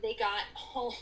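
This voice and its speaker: A woman's voice: on the high side, fairly bright tone, slight background noise, rough recording. A woman co-hosting a book podcast, chatting casually and animatedly, laughing often and acting out scenes. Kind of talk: casual book review chat.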